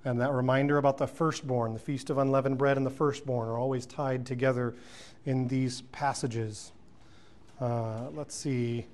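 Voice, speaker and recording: A man's voice: mid-range voice, fairly even intonation, moderate pace, darkish tone. A man teaching through a Bible passage verse by verse, reading scripture aloud and then explaining it, with fillers and self-corrections.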